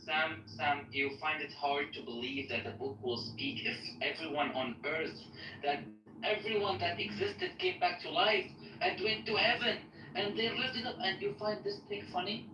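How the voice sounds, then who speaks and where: Insistent debate caller, interrupts, echoey distant sound, clear background noise. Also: mid-range voice, normal speed. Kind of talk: heated debate.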